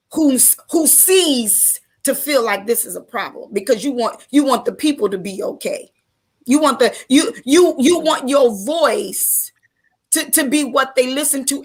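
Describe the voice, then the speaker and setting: A woman telling a story puts on the voice of God, calm and tender, lower and softer than her everyday talk. The voice asks gentle questions and offers reassurance, patiently and with affection.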